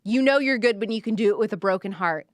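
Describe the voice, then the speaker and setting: A woman's voice: medium pitch, fast talker, no echo, studio quality. A young woman hosting a casual album reaction, gushing and chatty with lots of fillers. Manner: gushing, chatty, filler-heavy, reads lyrics aloud animatedly. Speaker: host reviewing an album.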